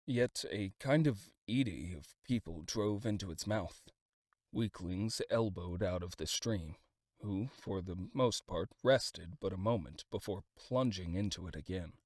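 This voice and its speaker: A man reading a classic novel aloud as an audiobook, in a dramatic, expressive style of scripted narration. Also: low-pitched, no room sound, studio quality.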